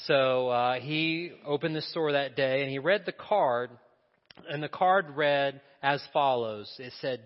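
Male pastor, mid pitch, conversational storytelling sermon; dull recording with long hall reverb. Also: moderate pace. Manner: storytelling, conversational, asks the congregation questions.

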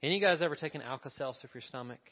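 A man's voice: mid-range voice, very fast, long reverb tail, dull audio. A male pastor preaching a sermon in a conversational way, asking the congregation questions and adding asides.

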